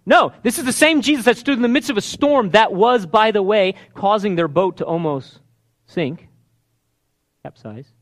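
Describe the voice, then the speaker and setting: A man's voice: high-pitched, animated, moderate pace. A man preaching a sermon, telling a story with energy and acting out the characters' voices. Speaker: pastor.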